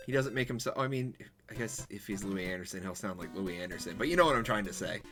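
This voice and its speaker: A male streamer talking off the cuff while he plays a golf game, rambling and correcting himself as he goes. His voice is bright and forward, and his pitch moves a lot from phrase to phrase. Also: lively intonation, fast, faint music behind. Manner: rambling, chatty, self-correcting. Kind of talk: casual chat while gaming.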